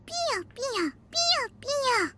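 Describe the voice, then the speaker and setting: A game girl chirping like a chick, squeaky and sing-song, extremely high, very slow, loud noise behind. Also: very animated, heavily acted. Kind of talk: game character voice acting.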